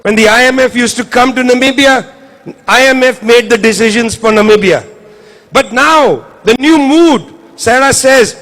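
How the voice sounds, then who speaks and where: A man's voice: very high-pitched, moderate pace, fairly bright tone. A man giving an impassioned political speech to an audience at a book launch, emphatic and fond of rhetorical repetition. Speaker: guest speaker at a book launch.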